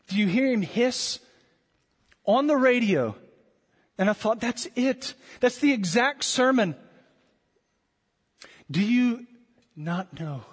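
A man with a high voice preaches in a church sanctuary, pressing his listeners with rhetorical questions. He swings between forceful lines and hushed, intimate ones. His voice trails off into the long reverb of a large hall. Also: breathy edge. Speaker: pastor. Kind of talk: sermon.

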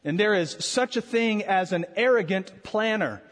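A man preaching a sermon as pastor, animated and rhetorical, with dramatic pauses. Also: sits high. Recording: long hall reverb.

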